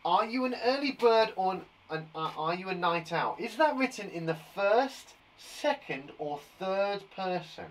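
Brief: young British male teacher, cheery and encouraging, slightly higher voice, live online kids' lesson. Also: expressive, measured pace, few pauses, a little hiss or hum. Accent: British English. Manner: upbeat and encouraging, playful asides. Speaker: primary school teacher.

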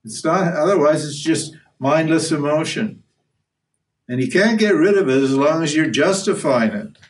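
A man's voice: a little high, expressive, normal speed, far from the mic. A man giving a spiritual lecture as a Vedanta teacher, blunt and earthy, firing rhetorical questions and restarting his sentences.

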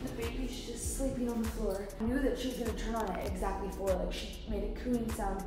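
A woman's voice: fairly high pitch, fairly even intonation, a little fast, music in the background. A teenage girl vlogging from her car into a phone camera. She rambles in a casual, chatty way with lots of "like.". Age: teens. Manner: chatty, rambling, full of filler "like". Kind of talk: casual vlog chat. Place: inside a car.

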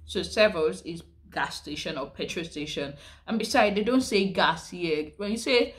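A woman's voice: fairly low pitch, lively intonation, normal speed. A woman from Nigeria chatting casually in a vlog, explaining slang while she does her makeup. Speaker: vlogger.

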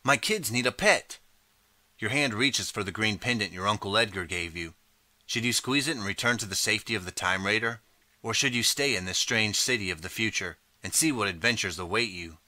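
Bright-toned man narrating an audiobook. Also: lowish voice, brisk, no room sound. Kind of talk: second-person storybook narration.

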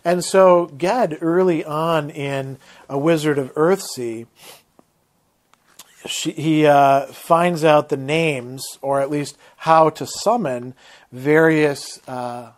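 Thoughtful male lecturer with a higher voice. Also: fairly even intonation, slow. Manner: thoughtful, hesitant restarts, reads passages aloud. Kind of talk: literature lecture with readings.

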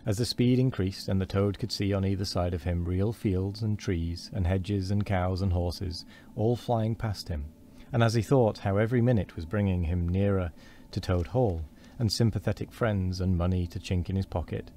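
A man reads a storybook aloud at a measured pace, now and then tripping and restarting a word. His voice is low and mellow, with a faint hiss behind it. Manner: measured, with small slips and restarts. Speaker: streamer reading a book aloud. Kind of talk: storybook reading.

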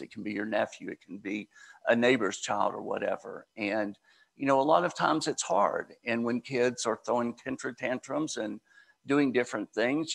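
Man, mid-pitched and gravelly, relaxed inspirational speaker. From United States. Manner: conversational, storytelling asides. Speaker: spiritual speaker. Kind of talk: inspirational talk.

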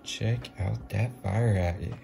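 A man making jewelry, talking casually to his viewers in a vlog, excited and marvelling, laughing often as he shows pieces. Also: fairly low pitch, slow pace, vocal fry, faint music behind. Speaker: jewelry maker.

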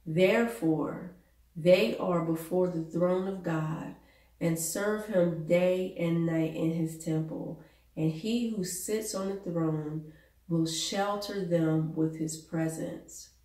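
Slow woman preacher in echoey room. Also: lowish voice, steady tone, mellow, far from the mic. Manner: reads Bible verses aloud, slow and deliberate. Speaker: pastor. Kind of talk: sermon, reading scripture.

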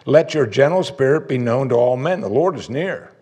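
A man preaching a sermon as pastor, conversational, voicing his listeners' doubts in a higher voice. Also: lively intonation, normal speed, warm tone, husky. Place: church sanctuary.

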